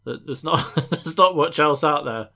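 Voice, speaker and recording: A young English man co-hosting a podcast, excitable and chatty with frequent stammering restarts. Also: fairly high pitch, unhurried. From England. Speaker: podcast co-host. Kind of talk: casual podcast chat.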